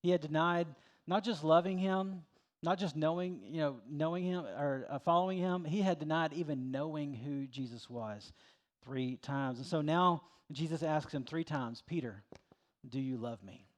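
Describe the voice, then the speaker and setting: Brief: middle-aged male pastor, easygoing conversational sermon, slightly high voice. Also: normal speed. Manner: conversational, folksy preaching with filler words.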